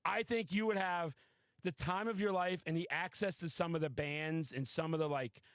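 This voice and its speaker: A high-pitched man hosts a casual podcast chat, talking in an excitable, boastful rush and swearing freely. His voice is recorded dry and close, with no room sound around it. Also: normal speed, no echo. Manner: excitable, boastful, profane storytelling. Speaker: podcast host.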